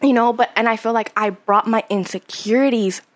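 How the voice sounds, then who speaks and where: A woman's voice: fairly high pitch, fairly even intonation, brisk. A young woman in her twenties chatting casually on a podcast, candid and rambling, swearing freely as she tells a personal story. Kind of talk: casual chat.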